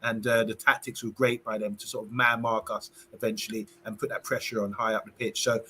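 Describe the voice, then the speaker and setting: Bright, fast-talking man in football chat. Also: on the low side, little pitch movement, breathy edge. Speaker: panelist.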